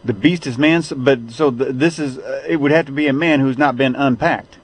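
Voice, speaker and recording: A man hosting an interview, asking halting questions, saying mm-hmm a lot and slipping in wisecracks. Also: medium pitch, slightly rough. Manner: hesitant questions, frequent mm-hmms, wisecracks. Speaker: interview host. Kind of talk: radio interview.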